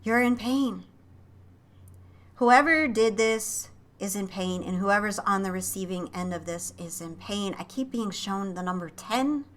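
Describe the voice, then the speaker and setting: Speaking at a measured pace in a mid-range voice, a tarot reader and psychic channel offers an intuitive reading to camera. She's emotive, frequently pausing to exclaim as impressions arrive.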